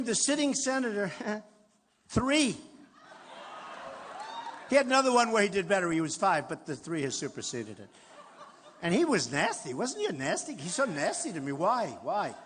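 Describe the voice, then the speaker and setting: This older candidate from New York speaks expressively in a very high, fairly bright voice at normal speed, with long pauses. He gives a rambling, boastful rally speech to a large hall crowd, recorded with roomy reverb and faint crowd noise.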